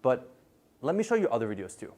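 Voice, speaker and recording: A man's voice: medium pitch, very animated, fast, a little mellow. A man giving a casual classroom lecture on viral video, chatty, with many fillers and restarts.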